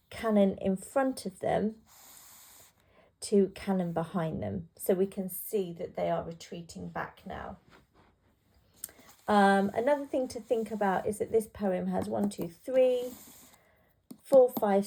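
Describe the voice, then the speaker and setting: Woman, literature tutor, revision lesson, creaky low-bright voice, relaxed and hesitant delivery. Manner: casual and unscripted, with frequent ums and restarts. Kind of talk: revision lesson, talking through a poem.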